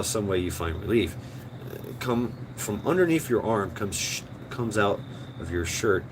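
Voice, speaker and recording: A man's voice: deep voice, background noise. A man hosting a casual live stream outdoors, rambling and crude with many fillers, his voice getting strained. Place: outdoors, smoking a cigarette.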